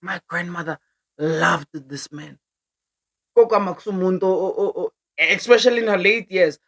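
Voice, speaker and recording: A young woman with a South African accent telling a story for her vlog in a casual, animated way, laughing often and switching languages mid-sentence. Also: lowish voice, moderate pace. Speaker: vlogger.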